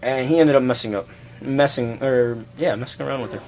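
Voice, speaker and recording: A young man co-hosting a casual, crude chat show, animated and laughing, jumping between topics. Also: mid-range voice, fairly quick. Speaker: podcast co-host.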